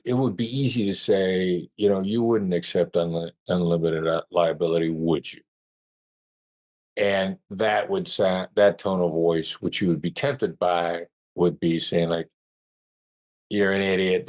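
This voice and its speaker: A man being interviewed as a negotiation expert, giving advice in a measured way and slowing down to stress key points. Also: low-pitched, a little mellow.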